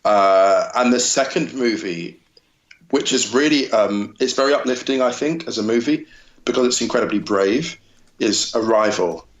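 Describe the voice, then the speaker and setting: A man appearing as a podcast guest, talking casually and enthusiastically, with animated, effusive storytelling. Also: medium pitch, normal speed, reverberant, lo-fi sound. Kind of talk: casual chat.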